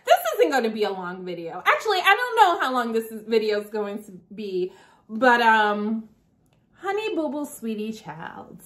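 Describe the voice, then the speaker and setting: A woman's voice: fairly high pitch, very animated, normal speed. A woman vlogger chatting casually to camera in a playful way, laughing often.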